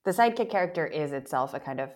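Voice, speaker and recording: A woman in casual podcast chat who talks in a measured, thoughtful way, searching for her words. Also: low voice, lively intonation.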